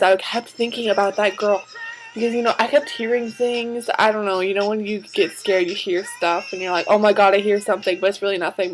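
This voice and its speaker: A woman vlogging in a casual chat. She tells stories in a chatty, excitable way and sounds tired. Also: on the high side, low-quality recording.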